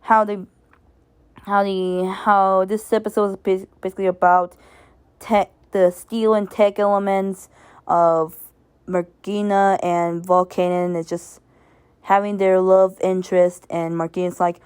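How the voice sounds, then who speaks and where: A woman's voice: medium pitch, level tone, measured pace, darkish tone, clean tone, no echo. A woman giving a casual, rambling spoken review, stumbling and restarting often and laughing as she goes. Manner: sentimental, laughs while talking. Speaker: video reviewer.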